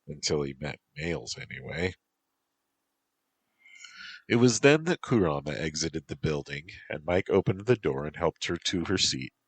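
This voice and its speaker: A man reading a story aloud as narrator in a slow, deadpan way. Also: rumbling low, slightly rough, dry recording.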